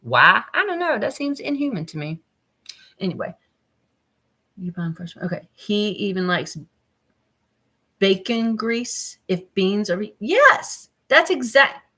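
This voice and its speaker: A woman's voice: mid-range voice, sing-song, slow pace, long pauses, sharp tone. A middle-aged woman, chatting casually and bluntly from her home kitchen as she reads viewer comments, swearing freely. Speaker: livestream host. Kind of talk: casual chat while cooking.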